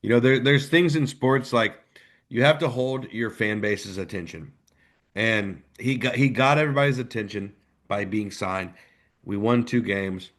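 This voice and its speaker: A man co-hosting a live sports podcast, ranting with sudden swings between loud outbursts and low mutters. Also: normal speed. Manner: ranting, animated, jumps between loud and quiet. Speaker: podcast co-host. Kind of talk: live postgame sports chat.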